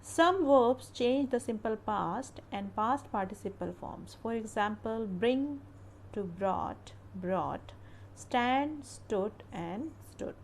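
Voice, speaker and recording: A woman's voice: a little high, animated, slow, slight background noise. A woman teaching English grammar, reading out rules and verb lists as careful drills. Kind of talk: slow grammar lesson narration.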